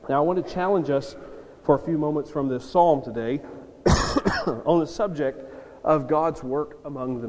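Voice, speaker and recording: A jet-lagged pastor preaches to his church in a medium-pitched, darkish voice. His earnest sermon swells into emphatic bursts, carried by the long reverb of the church sanctuary.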